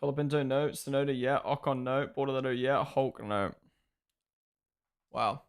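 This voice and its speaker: Young male streamer, chatty watchalong host who reacts live and thanks chat, mid-pitch voice. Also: steady tone, normal speed, clear, resonant tone. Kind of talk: casual live-stream commentary.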